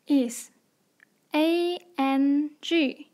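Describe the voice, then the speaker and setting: A woman teaching pronunciation as a slow instructional drill, spelling out letters one at a time in a deliberate way. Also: high voice. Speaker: language teacher.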